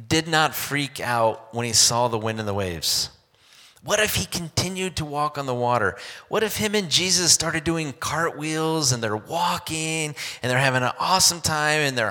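A man preaching a sermon, telling a Bible story in an animated way and acting out the characters' lines. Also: mid-range voice. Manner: animated storytelling with acted-out quotes. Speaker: pastor. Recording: long hall reverb.

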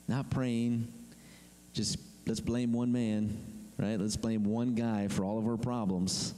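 Male pastor, animated conversational sermon, mellow tone, reverberant hall sound. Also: fairly low pitch, takes it slowly. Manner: animated preaching, acts out complaining voices.

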